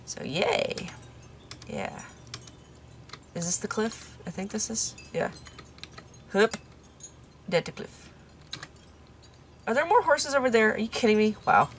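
A young woman giving casual let's play commentary from a room in her parents' home, rambling and mocking herself, with quiet asides muttered under her breath. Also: medium pitch, animated, unhurried, long pauses, slight background noise. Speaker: YouTuber playing a game.

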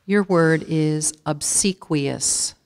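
A woman serving as a spelling bee pronouncer, reading words, definitions and sentences in a measured, formal way. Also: deep voice. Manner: measured, even, repeats each word clearly. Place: school auditorium. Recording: long reverb of a large hall.

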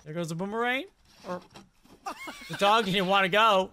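A reaction video host giving casual commentary on fail clips, animated and exclaiming, voicing what the people and animals in the clips might be thinking. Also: medium pitch, normal speed, long pauses, background noise.

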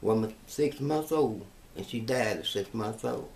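A man's voice: on the low side, a little slow, a little mellow, recorded from a distance. A man giving a preaching testimony with a preachy manner. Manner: preachy, answers with amens and mm-hmms.

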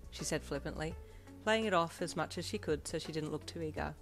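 Low-voiced woman narrating a story. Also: fairly quick. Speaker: fanfiction reader. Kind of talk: second-person story narration. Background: soft backing music.

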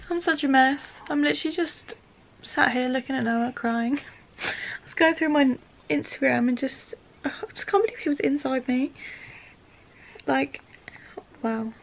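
A woman's voice: high voice, a little slow, vocal fry, pauses often. A young woman in her twenties chatting casually at home in a vlog, emotional and laughing often. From England. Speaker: vlogger.

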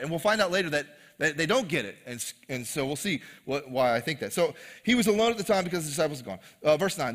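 A man's voice: a little high, lively intonation, fast, a bit bright, big-room sound. A man preaching a sermon to a live congregation, casual and joking in tone. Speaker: pastor. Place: live church service.

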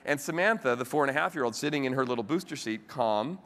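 A man giving a motivational keynote speech, telling stories with animated asides to the audience. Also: medium pitch, fast talker. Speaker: keynote speaker. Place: large convention hall. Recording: long hall reverb.

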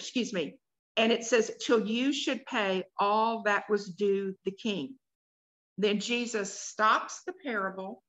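A woman's voice: medium pitch, a bit bright. A woman leading a Bible study workshop, reading scripture aloud and stopping to put questions to the group. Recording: dull lo-fi recording.

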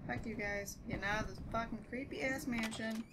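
A woman's voice: a little high, fairly quick, noisy background. A woman giving casual, joking commentary while playing a horror game, swearing freely as she goes. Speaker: let's play gamer.

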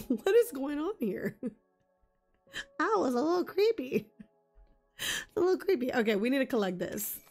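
Woman, game streamer, bubbly, giggly, fairly high voice, unhurried. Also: sing-song, a little mellow. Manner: bubbly, gushing and giggly, talking to chat. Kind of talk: live game stream chat. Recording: faint music behind.

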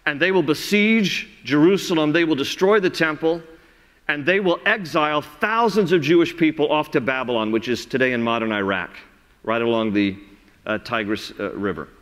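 A man's voice: a little high, a bit bright. A male pastor, preaching a sermon in a conversational, earnest way that builds into impassioned emphasis. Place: large church sanctuary. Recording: long hall reverb from sanctuary.

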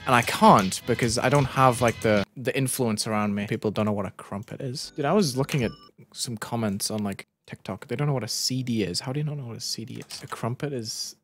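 A man's voice: mid-range voice, fairly quick, faint music behind. A young British man talking in a put-on American accent, commentating his own game live on stream and yelping at his deaths. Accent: American, put on over a British one. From Britain. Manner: excitable, yelps and shouts at in-game deaths. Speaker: gaming streamer.

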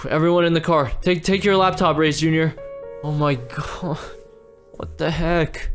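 A man's voice: a little high, fairly even intonation, slow, pauses often, a bit bright, faint music behind. A man acting out a game role-play as a frantic father, pleading and repeating himself. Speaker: role-play creator and lead player.

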